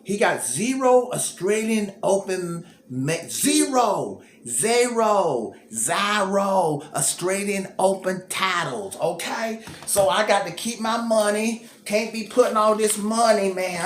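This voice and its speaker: A man hosts casual tennis commentary, thinking out loud and circling back on his own words. His pitch rises and falls a lot. The room is echoey and carries a faint background hiss. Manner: animated, repeats words, thinks aloud.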